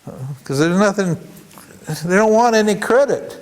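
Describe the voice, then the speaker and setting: Man, spiritual teacher, workshop talk, lively, acts out quotes, fairly high voice. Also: moderate pace, pauses often. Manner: animated, acts out quoted voices, chuckles between points.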